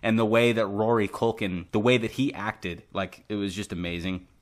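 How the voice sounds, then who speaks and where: Young male co-host, lower voice, earnest and quick to laugh. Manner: earnest, laughs easily, uses many fillers. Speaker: podcast co-host. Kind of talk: casual chat.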